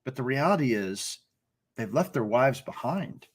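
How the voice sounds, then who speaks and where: A man's voice: mid-range voice, animated, a little slow, husky. A middle-aged man co-hosting a marriage ministry talk, earnestly teaching from scripture in a preacherly way, often restarting his sentences.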